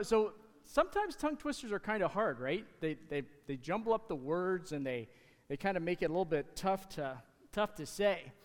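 A man talking to the kids in church, giving a casual, halting object lesson from the stage. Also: high voice. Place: church sanctuary. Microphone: handheld or stage mic. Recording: hall reverb in a sanctuary.

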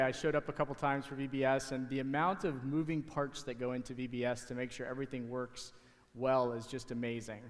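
A man talking to the kids in church, giving a casual, halting object lesson from the stage. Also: mid-range voice. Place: church sanctuary. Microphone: handheld or stage mic. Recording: hall reverb in a sanctuary.

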